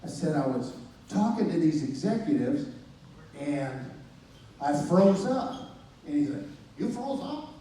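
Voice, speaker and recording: A man's voice: a little high, expressive, unhurried, long pauses, warm tone, distant mic, slight background noise. Man telling a testimony in an echoey hall. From United States. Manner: casual and slangy, acts out quoted dialogue. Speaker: testimony speaker. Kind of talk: personal testimony storytelling.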